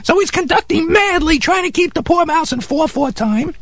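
A man putting on a very high, gravelly voice for an excitable, self-important oddball in a comedy radio sketch. He talks down to his partner and swoops up and down in pitch with a lively sing-song. The sound is close and dry. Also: moderate pace, no room sound, heavily acted. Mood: enthusiastic. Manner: pompous, excitable, condescending. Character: eccentric high-voiced man named Harry, pompous about bizarre music. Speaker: sketch character.

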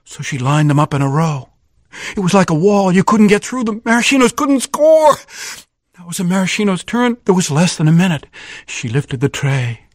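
A man telling a children's story aloud, lively, with sound effects and cheers. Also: high-pitched, normal speed, dry recording, clean studio sound. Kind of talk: animated oral storytelling.

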